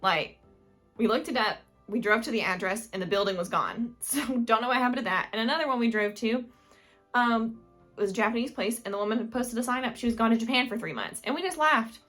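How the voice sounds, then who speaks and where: A woman's voice: fairly high pitch, fairly quick, a bit bright, faint music behind. Chatty young woman vlogger. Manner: chatty, rambling, many fillers and self-corrections. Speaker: lifestyle vlogger. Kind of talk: casual advice chat to camera.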